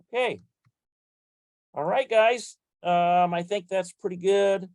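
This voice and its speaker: In a dry recording, a Hebrew teacher with a medium-pitched, darkish voice speaks slowly through a grammar lesson. He methodically spells out letters and vowels step by step, thinking aloud with fillers and self-corrections.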